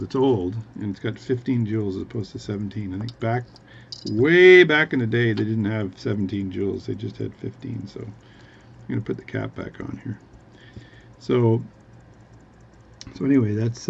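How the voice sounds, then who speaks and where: A man's voice: lowish voice, gravelly, husky, highs cut off. A man casually chatting while cleaning a watch at his bench, rambling with jokey asides. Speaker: hobby watchmaker. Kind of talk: casual workbench tutorial chat. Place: home workbench.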